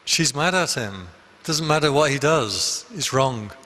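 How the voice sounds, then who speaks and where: A man's voice: mid-range voice, animated, a little slow, pushed and bright. A man, a Buddhist monk, giving a conversational dharma talk full of anecdotes in a meditation hall. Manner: conversational, anecdotal, with frequent restarts.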